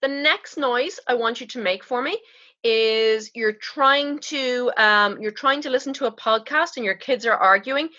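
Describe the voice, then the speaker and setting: A woman calmly guiding someone through a pelvic floor exercise on a podcast, instructive and coaxing. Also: on the high side, measured pace. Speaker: pelvic floor expert guest. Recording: slightly dull, lo-fi podcast audio.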